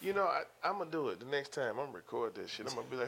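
A man's voice: mid-range voice, sing-song, fast, creaky, a bit bright, slightly rough. A man hosting a podcast, chatting in loose slang and laughing along with the caller. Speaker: podcast host. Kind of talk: casual chat.

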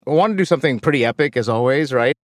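A man in his forties talks quickly and eagerly, spinning an animated story as a guest on a podcast. His voice sits in a middle pitch and is recorded close, with no room sound. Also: no echo. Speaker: startup founder and podcast guest. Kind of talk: casual storytelling in conversation.

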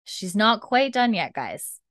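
A young woman talks through a TV episode in a chatty, animated way, with a lot of fillers. Her voice sits at an ordinary pitch. The sound is dry and close. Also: takes it slowly, no room sound. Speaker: podcast co-host. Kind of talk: casual episode recap.

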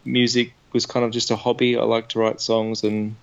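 A man's voice: mid-range voice, monotone, normal speed, vocal fry, clean tone, lo-fi sound. A man, a songwriter, speaking as an interview guest in an earnest, enthusiastic way. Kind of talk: conversational interview.

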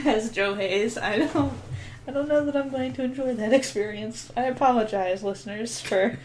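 A woman's voice: fairly high pitch, normal speed, a little mellow, slight background noise, low-quality recording. Laughing woman podcast co-host. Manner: laughing, self-mocking banter. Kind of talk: casual chat.

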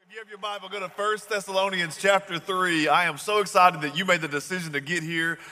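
A man's voice: sits high, fairly even intonation, a little fast, music in the background. A man, preaching a sermon in a casual, chatty storytelling way. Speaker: pastor. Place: large church hall. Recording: echoey church hall.

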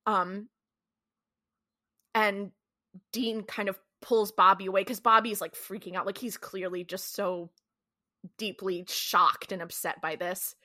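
Bright-voiced woman recapping casually. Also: mid-range voice, flat delivery, measured pace, long pauses. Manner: chatty, peppered with "like", swears freely. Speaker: podcast co-host.

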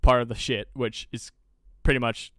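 A man's voice: mid-range voice, moderate pace, no echo, studio quality. Rambling, profane young male podcast host. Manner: profane, rambling, animated storyteller. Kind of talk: casual chat, storytelling.

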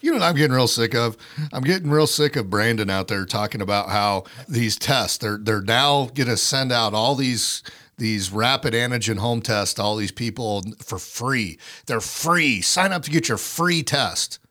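A man's voice: medium pitch, normal speed, fairly bright tone, no room sound. Male podcast co-host, blunt and profane ranter, dry close sound. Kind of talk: casual podcast chat.

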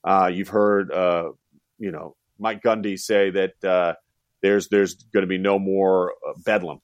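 A man's voice: low-pitched, fairly even intonation, measured pace, dry recording, dull audio. A middle-aged American man, a college basketball analyst, talking animatedly in a casual podcast chat and acting out fans' voices. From United States.

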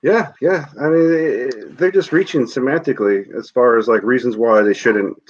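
A man's voice: mid-range voice, normal speed. Heated swearing male co-host, dull sound. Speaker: podcast co-host. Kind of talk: casual podcast chat.

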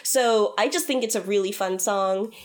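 A woman's voice: mid-range voice, moderate pace. A woman co-hosting a casual chat, talking through a musical's story with opinionated enthusiasm. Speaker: podcast co-host.

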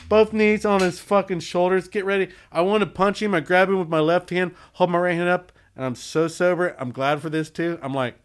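A man's voice: high voice, normal speed, hardly any pauses. Man telling a profane story. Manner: profane, animated, acts out quotes and sound effects. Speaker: tattoo artist and shop owner. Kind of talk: casual storytelling.

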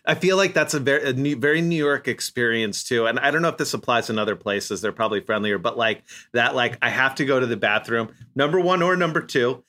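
A man's voice: medium pitch, fast, few pauses, pushed and bright. A man co-hosting a podcast, chatting casually with wry, rambling asides. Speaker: podcast co-host. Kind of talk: casual chat.

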